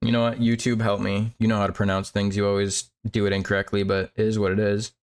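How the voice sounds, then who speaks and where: Young man, casual stream chat, rambling, filler-heavy, fairly low pitch. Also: level tone, quick pace. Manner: rambling, lots of "like" fillers, laughs at himself. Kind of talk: casual chat while drawing.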